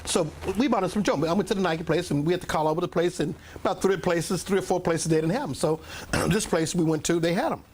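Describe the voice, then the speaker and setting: An older man, a pastor telling a rambling, animated story in a sermon to his congregation, often clearing his throat and coughing. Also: high voice, fast talker, few pauses, a little hiss or hum. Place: church meeting room with a congregation.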